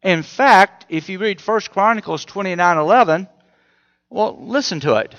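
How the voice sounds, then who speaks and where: A man's voice: high voice, moderate pace, a bit bright. A man preaching a sermon in a conversational way, often asking his listeners rhetorical questions. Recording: muffled audio with long hall reverb.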